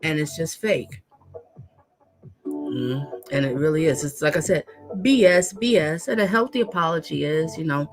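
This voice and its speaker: A woman's voice: deep voice, expressive, normal speed, over music. A woman hosting a casual livestream, talking emphatically, repeating herself and reading out viewer comments. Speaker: livestream host and coach.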